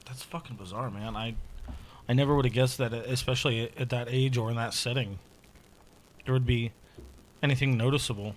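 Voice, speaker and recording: Male podcast host, mid-pitched voice, relaxed and blunt. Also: fairly quick, long pauses, a little hiss or hum. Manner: relaxed, blunt, swears freely, short backchannel replies. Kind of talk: casual podcast conversation.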